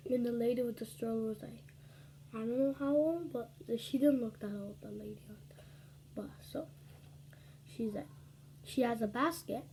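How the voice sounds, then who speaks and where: Woman rambling thru a story while eating, asmr style, kinda high mellow voice, little hum behind. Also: moderate pace, long pauses. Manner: chatty, rambling retelling with whispered asides. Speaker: ASMR vlogger.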